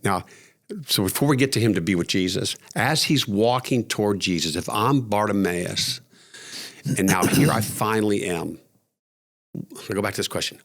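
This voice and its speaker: A man's voice: fairly low pitch, normal speed. A man co-hosting a faith podcast, retelling scenes vividly and animatedly. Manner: animated, vivid storyteller, voice rises when excited. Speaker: podcast co-host. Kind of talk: casual faith discussion.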